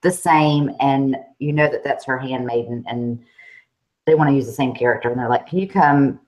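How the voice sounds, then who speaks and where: A woman with a Southern US accent co-hosting a casual chat, talking in an animated, chatty way and laughing often. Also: a bass voice, moderate pace, low-quality recording. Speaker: co-host.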